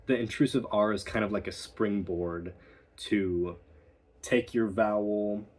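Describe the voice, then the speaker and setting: American man, accent coach, slow and deliberate, breathy low voice, repeats example words. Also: a little mellow. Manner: demonstrates words by repeating them. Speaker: dialect coach. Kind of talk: accent lesson.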